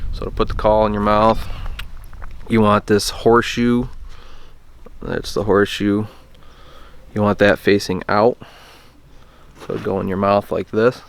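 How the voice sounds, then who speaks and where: A man's voice: on the low side, slight background noise. A man casually explaining a hunting call outdoors, plainspoken and self-deprecating. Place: outdoors in bright sun.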